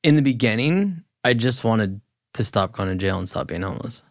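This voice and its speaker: A man's voice: lowish voice, lively intonation, moderate pace, no echo, clean studio sound. A man appearing as a podcast guest, talking bluntly and casually and swearing now and then. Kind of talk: casual conversation.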